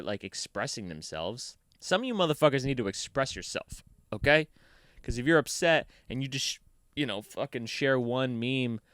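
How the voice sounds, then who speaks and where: Young guy ranting on his podcast, swears a lot, lowish smooth voice, dry close sound. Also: no room sound. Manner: profane, ranting, swings from heated to low and mumbled. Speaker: podcast host. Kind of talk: casual solo podcast rant. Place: basement.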